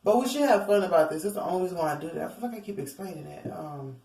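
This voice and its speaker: A woman's voice: on the low side, animated, very fast, warm tone. A woman giving a casual tarot reading to her viewers, rambling and theatrical, often calling them y'all. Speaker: tarot reader. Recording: roomy echo, distant from mic.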